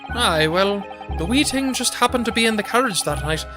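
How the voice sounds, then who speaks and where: Brief: streamer doing a boastful put-on Irish brogue witness for a game, mid pitch, music bed. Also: expressive, moderate pace, natural voice. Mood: blustering. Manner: hearty brogue, folksy turns of phrase. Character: boastful middle-aged male Irish witness. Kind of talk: reading game dialogue aloud on stream.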